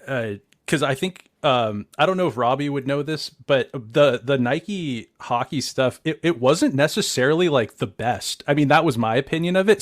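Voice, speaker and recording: A man's voice: medium pitch, no room sound, studio quality. Hesitant man hosting an interview. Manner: hesitant, many "uh" and "um" fillers. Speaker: podcast host. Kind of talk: casual interview questions.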